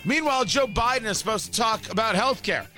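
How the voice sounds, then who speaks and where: A man's voice: extremely high pitch, a little fast, sharp tone, faint music behind. A middle-aged man hosting a talk radio show, riffing in a monologue, often restarting his sentences and acting out quotes.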